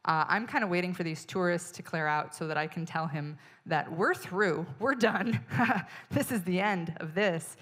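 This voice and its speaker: Woman stand-up comic with a lowish voice, animated storyteller, exasperated, acts out the people she talks about. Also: normal speed. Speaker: stand-up comedian. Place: stage in front of an audience.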